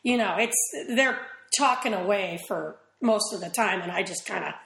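A woman chatting casually as a guest in an interview, rambling with quick asides. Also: medium pitch, creaky, fairly bright tone, reverberant, rough recording. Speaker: actress guest.

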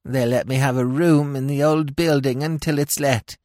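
A man's voice: medium pitch, steady tone, moderate pace, darkish tone, no room sound, clean studio sound, pitched above the performer's own voice, lightly acted. A man voicing a scheming old woman beggar who pleads in a whining, sing-song voice, in a storybook reading.

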